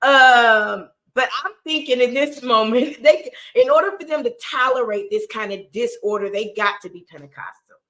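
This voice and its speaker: Woman host, high voice, lively reaction commentary, laughs through lines, chats straight to viewers. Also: normal speed, few pauses, rough recording. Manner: animated, laughs often while talking; talks straight to her viewers and co-hosts by name. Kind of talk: casual live reaction commentary.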